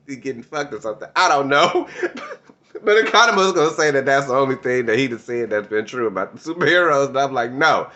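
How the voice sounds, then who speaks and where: A man casually recapping a TV episode, excitable and slangy, laughing often. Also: mid-range voice, dull audio. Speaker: TV show reviewer.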